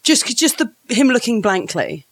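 A woman's voice: on the high side, sing-song, dry recording. A woman, co-hosting a podcast in a casual, teasing chat. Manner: teasing, quick interjections. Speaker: podcast co-host.

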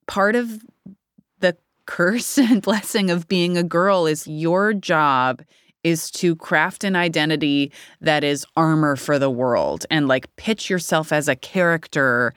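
A woman's voice: sits low, unhurried, clean tone, no room sound, clean studio sound. A woman in her thirties, an actor guest chatting candidly in a rambling interview, laughing often. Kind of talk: casual interview chat.

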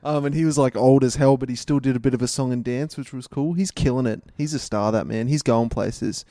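A young man co-hosting a casual comedy podcast, with a warm, mellow voice. He teases his co-host in a dry, deadpan manner. The recording is close and dry. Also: medium pitch, a little fast, dry recording. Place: indoors, in the same room as his co-host.

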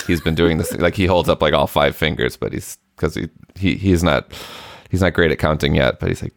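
A man's voice: extremely low pitch, fairly quick, vocal fry, few pauses, no room sound, clean studio sound. A man co-hosting a parenting podcast, telling a story in an earnest, self-deprecating way. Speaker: podcast co-host. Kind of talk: casual chat.

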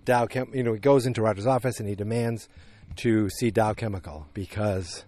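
A man with a lowish, mellow voice briskly recaps a TV episode in a casual style. He rambles with plenty of fillers and restarts, while dogs bark in the background.

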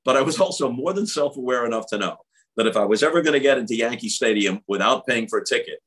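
A man in his seventies from the New York area, a veteran sports broadcaster telling stories as an articulate, animated interview guest. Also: mid-range voice, quick pace, low-quality recording. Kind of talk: casual interview storytelling.

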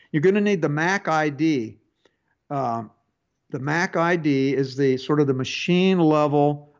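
Halting tech-show host, slightly high. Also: male voice, darkish tone, highs cut off. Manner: halting, many restarts and fillers. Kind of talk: casual call-in advice talk.

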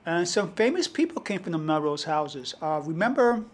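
A man's voice: fairly high pitch, normal speed. A man with a New York Bronx accent, telling stories as a guest in an interview. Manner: animated anecdotal storyteller. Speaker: guest storyteller and poet. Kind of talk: conversational interview storytelling.

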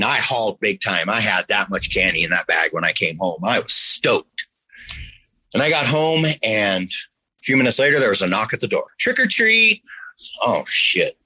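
A man's voice: lowish voice, bright, forceful tone, husky, low-quality recording. A man earnestly telling a personal story in a rambling, conversational way, now and then making sound effects.

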